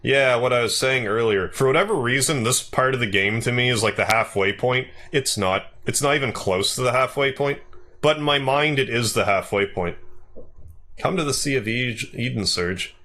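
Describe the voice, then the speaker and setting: A man's voice: mid-range voice, normal speed, sharp tone. A man streaming a game, chatting casually with his viewers between rambling, filler-heavy asides. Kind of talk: casual chat while playing.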